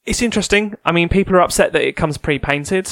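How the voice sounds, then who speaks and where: A man co-hosting a casual hobby podcast, animated and teasing, explaining things at length. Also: fairly high pitch, fast talker, dry recording. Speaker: podcast co-host.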